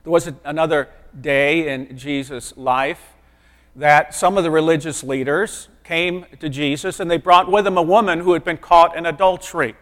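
A man with a notably high voice preaches a sermon, speaking earnestly and conversationally rather than thundering. He often softens into quiet asides. His words ring out with the long, lingering reverb of a large sanctuary. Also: fairly even intonation, moderate pace. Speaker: pastor.

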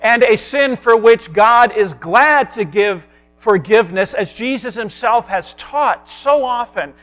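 A man preaching a sermon as a pastor, earnest, sometimes dropping to a soft hush. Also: very high voice, lively intonation, measured pace, soft background music.

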